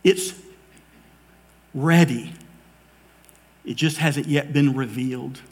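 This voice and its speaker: A man's voice: mid-range voice, takes it slowly, a little mellow, slightly rough. A man preaching a sermon to a congregation, earnest, building rhythmic repeated phrases. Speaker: pastor. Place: church sanctuary with congregation.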